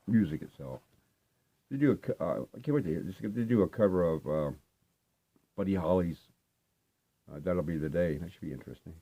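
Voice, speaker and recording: Showing off his record finds in a relaxed, meandering way, an older vinyl vlogger speaks with a low, dark, slightly rough voice. His talk is casual show-and-tell, packed with fillers.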